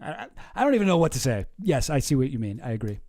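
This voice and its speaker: A man's voice: medium pitch, sing-song, fast talker, dark tone. A man giving casual, sarcastic, profane reaction commentary on a video.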